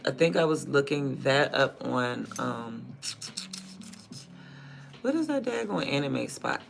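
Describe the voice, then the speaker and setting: Creaky, bright DMV-accented streamer man. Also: medium pitch, slight background noise. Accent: DMV (Washington, D.C. area). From Prince George's County, Maryland. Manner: rambling, thinks aloud, trails off mid-sentence. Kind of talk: casual livestream chat.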